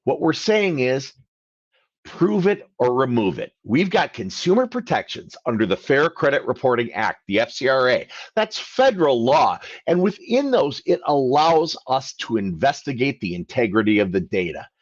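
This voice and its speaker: A man's voice: medium pitch, big pitch swings, normal speed, no echo, dull audio. A man hosting a live question-and-answer session as a credit coach, talking emphatically and acting out both sides of phone calls. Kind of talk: livestream Q&A talk.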